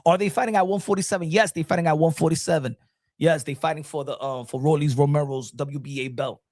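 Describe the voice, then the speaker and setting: A man hosting a casual live boxing stream, reading chat comments and talking in an animated, excitable way with lots of slang and restarts. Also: on the high side, fast talker, no echo.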